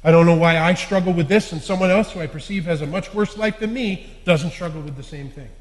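A fairly high-voiced man preaches in an earnest, confessional way, leaning hard on key words and letting sentence ends fall quiet. His voice rings through a church hall with a long, echoing reverb. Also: fairly quick. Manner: earnest, confessional, swinging between loud stresses and quiet endings. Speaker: lay preacher. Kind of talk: sermon.

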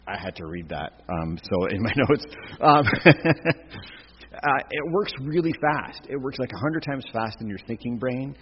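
A man's voice: mid-range voice, lively intonation, a little slow, a little hiss or hum. Man, church class teacher, casual joking delivery, muffled lo-fi recording. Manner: chatty, jokey, many restarts. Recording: echoey hall, dull lo-fi sound.

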